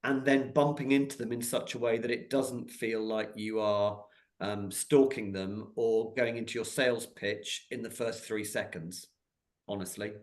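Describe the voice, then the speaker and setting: A man, a qualitative interviewer on a panel, speaking in a measured, thoughtful way on a video call. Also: fairly low pitch, fairly even intonation. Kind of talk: casual online Q&A.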